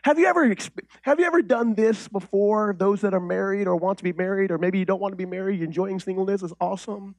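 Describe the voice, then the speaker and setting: A man preaches a sermon in a high, husky voice, moving between booming declarations and near-whispered asides. He talks conversationally, tossing out rhetorical questions and restarting his sentences. The sound is dry and close. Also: fast talker, hardly any pauses, no room sound. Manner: animated, swings from loud declarations to quiet intimate asides. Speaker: pastor.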